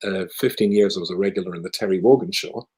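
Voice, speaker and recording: A Scottish man, appearing as a guest speaker, tells stories in conversation with wry, self-deprecating humour. He talks fast in a low-pitched, dark-toned voice, and the recording quality is low.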